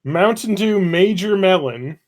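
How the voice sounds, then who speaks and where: A man's voice: sits high, animated, a little slow. A man hosting a casual podcast, talking in a rambling, laid-back way and swearing now and then. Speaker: podcast host.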